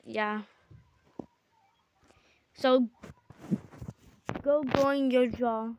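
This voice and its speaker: A high-voiced woman chats through a game with her sibling, exclaiming and bickering. She talks at an unhurried, drawn-out pace even when she gets excited. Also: background noise. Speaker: gamer. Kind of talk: casual gaming chat with a sibling.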